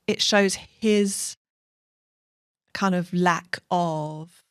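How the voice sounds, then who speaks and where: A woman with a fairly low voice co-hosts a podcast in a dry, close sound. She chats in an easy, agreeable way, with lots of yeahs and you-knows. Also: steady tone, drawn-out words, clear, resonant tone, no echo. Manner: agreeable, many fillers and yeahs. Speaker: podcast co-host. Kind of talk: casual chat.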